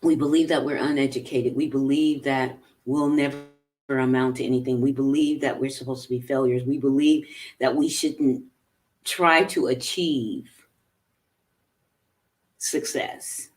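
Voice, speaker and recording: A woman's voice: rumbling low, a little slow, slight background noise. A middle-aged woman giving a candid, emphatic motivational talk. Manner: candid, emphatic, animated in quoted retorts. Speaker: motivational speaker.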